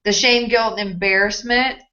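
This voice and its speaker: Bright woman moderating a panel. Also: mid-range voice, fairly even intonation, lo-fi sound. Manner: quick, scattered, lots of fillers. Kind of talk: casual moderating.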